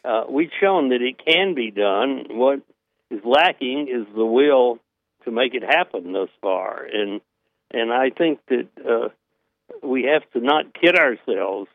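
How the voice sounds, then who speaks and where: An older man with a Southern US accent, a guest speaking in a hesitant, plain-spoken way with many pauses. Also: mid-range voice, no echo. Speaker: interview guest. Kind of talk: phone interview. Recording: dry tinny phone line.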